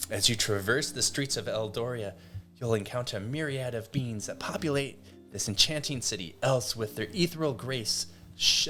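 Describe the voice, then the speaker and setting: A man's voice: lowish voice, a bit bright. A man voicing a pompous male Dragonborn town official who gives a grand welcome speech as if reading from a script.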